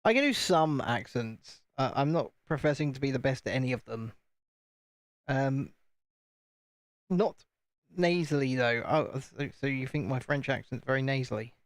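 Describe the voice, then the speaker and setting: A man's voice: mid-range voice, normal speed, dry recording. A British man chatting casually on a live stream while building, talking to himself and joking at his own expense. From United Kingdom. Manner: chatty, self-deprecating, talks to himself.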